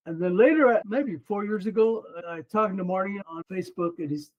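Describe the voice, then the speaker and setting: An older man in his seventies, a former runner and coach, recounts his racing days as a podcast guest. His voice sits high for a man and stays lively throughout. The audio is slightly dull and muffled. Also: fairly quick. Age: 70s. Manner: lively, animated storyteller. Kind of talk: casual storytelling interview.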